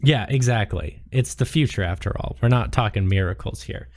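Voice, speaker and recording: A man's voice: on the low side, moderate pace, a little mellow. A man running a tabletop game as game master, casual and laughing, talking into a headset.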